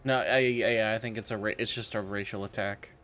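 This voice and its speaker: A man's voice: fairly low pitch, fairly even intonation, a bit bright, soft background music. A man playing a tabletop game in casual chat, loose and swearing freely. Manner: loose, swearing, quick to laugh. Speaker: player.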